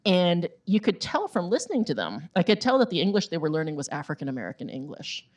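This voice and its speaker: A woman's voice: fairly low pitch, very animated, fast talker, a little mellow. A middle-aged woman, an author, giving a chatty talk to a bookstore audience, with many fillers and emphatic repetition. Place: bookstore event space.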